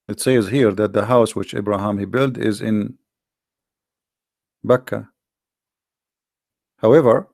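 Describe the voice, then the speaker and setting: Gravelly man firing rhetorical questions. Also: mid-range voice, darkish tone. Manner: combative, rhetorical questioning, mocking. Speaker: Christian apologetics presenter. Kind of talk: argumentative religious talk.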